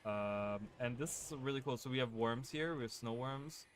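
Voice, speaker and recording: A man's voice: mid-range voice, normal speed, a little hiss or hum. A man hosting a casual let's-play, rambling along with lots of fillers and rhetorical "right?" checks. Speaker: gaming channel host. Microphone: desk microphone. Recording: game music playing under the voice.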